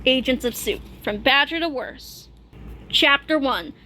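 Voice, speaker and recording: High, bright woman reading aloud. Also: measured pace, slight background noise. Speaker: read-aloud narrator. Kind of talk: reading a graphic novel aloud.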